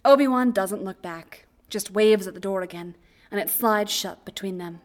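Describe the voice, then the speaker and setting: A woman narrating fan fiction aloud as an audiobook, in a quiet, even storytelling voice. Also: mid-range voice, normal speed.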